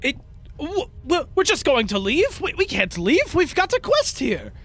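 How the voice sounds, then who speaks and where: A man voicing a panicky adventurer in a shrill, squeaky falsetto in a tabletop game. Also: huge pitch swings, measured pace, a bit bright, soft background music, full character voice. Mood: pleading.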